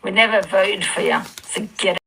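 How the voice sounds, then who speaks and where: Bright, ranting woman. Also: medium pitch, normal speed, vocal fry, a little hiss or hum. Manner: angry, blunt ranting.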